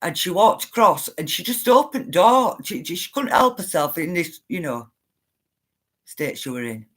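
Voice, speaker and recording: A woman's voice: fairly low pitch, sing-song, normal speed. A middle-aged woman, earnestly telling viewers an emotional story and insisting that it is true. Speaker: spiritual livestreamer.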